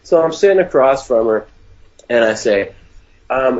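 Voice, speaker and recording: A man spins a long, meandering story as a podcast guest. He swears freely, keeps dropping "man" and "you know", and jumps into animated, raised voices for the people in the tale. The recording sounds a bit dull and lo-fi. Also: mid-range voice, unhurried, long pauses. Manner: rambling and profane, with lots of fillers; animated, raising his voice for other people's lines. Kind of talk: casual storytelling.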